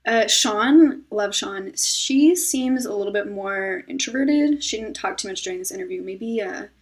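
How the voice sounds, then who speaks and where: A woman's voice: medium pitch, normal speed. A woman hosting her own video, commenting casually on an interview clip, thinking aloud and giggling between guesses. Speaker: video host analyzing personality types.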